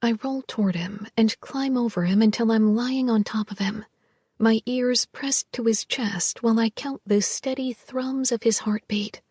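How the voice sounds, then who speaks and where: A woman narrating a first-person romance audiobook in a soft, hushed, intimate way. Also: on the high side, a little slow, slightly rough, no echo.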